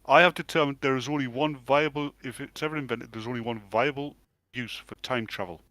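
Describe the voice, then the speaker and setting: A man's voice: medium pitch, fairly even intonation, a little fast, sharp tone, dry recording. A man, cohosting a casual podcast and building up jokes. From England. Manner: joking, builds up punchlines. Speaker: podcast co-host. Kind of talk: casual chat.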